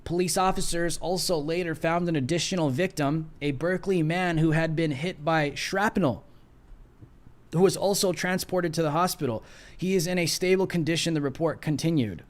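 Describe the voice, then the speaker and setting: A man's voice: fairly high pitch, normal speed. A man hosting a political livestream, reading a news article aloud with emphatic, sarcastic asides. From United States. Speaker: political commentary host.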